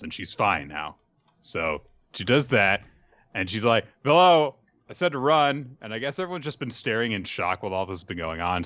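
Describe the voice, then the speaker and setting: Male podcast host, rambling recap, bright tone, dull sound. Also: lowish voice, dry recording. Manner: rambling, wry, filler-heavy. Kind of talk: casual episode recap. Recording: dry, slightly dull recording.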